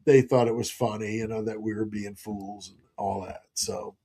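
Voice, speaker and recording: A man's voice: lowish voice, fairly even intonation, normal speed, warm tone. A middle-aged man hosting a live stream, chatting casually and rambling as he reads out viewer comments.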